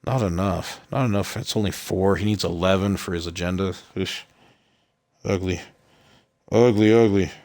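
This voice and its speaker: A man with a deep, low voice talks through his game on a live stream. He rambles along in a relaxed way, filling gaps with ums and uhs. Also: moderate pace. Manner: relaxed, rambling, with many fillers. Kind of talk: casual gameplay commentary.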